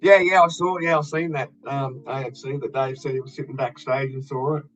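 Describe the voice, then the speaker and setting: A man's voice: medium pitch, steady tone, a little fast, a bit bright, soft background music, poor audio. An Australian man in blunt, profane casual chat, ranting with fired-up energy.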